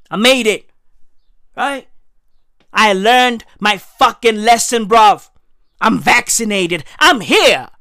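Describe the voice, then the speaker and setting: A man doing a profane comedy rant, animated and repetitive, full of slang and swearing. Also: very high voice, dry recording, studio quality. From South Africa.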